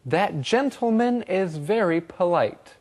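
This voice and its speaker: Animated, slow-talking male co-host. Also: sits high. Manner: clear, upbeat, carefully spoken. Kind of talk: children's TV English lesson.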